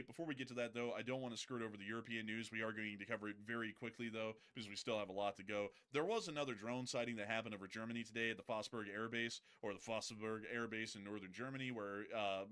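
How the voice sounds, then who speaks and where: A man's voice: on the low side, fairly bright tone, clean tone. A man hosting a live news stream, talking through headlines in a loose, joking way with frequent fillers. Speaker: livestream news host. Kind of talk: casual news commentary.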